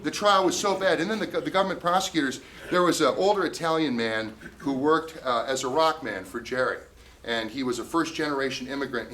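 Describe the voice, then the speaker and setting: In a meeting room, a male tax attorney gives a talk, telling a case story with emphatic indignation. His voice is mid-range and a bit bright.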